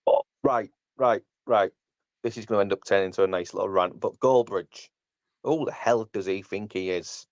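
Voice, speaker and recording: A man's voice: on the low side, moderate pace, dry recording, highs cut off. A man hosting a casual football podcast, blunt and mocking as he rants. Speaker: podcast host.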